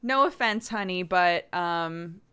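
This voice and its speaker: A woman's voice: fairly low pitch, animated, takes it slowly, bright, forceful tone, clear, resonant tone, full character voice. A woman quoting a tipsy, blunt grandma. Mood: teasing.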